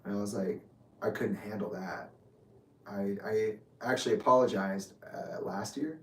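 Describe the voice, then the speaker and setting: A man's voice: fairly low pitch, unhurried. Man sharing a personal story, rambling and candid, mic set back in an echoey room. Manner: rambling, filler-heavy, candid. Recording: roomy sound from a distant mic.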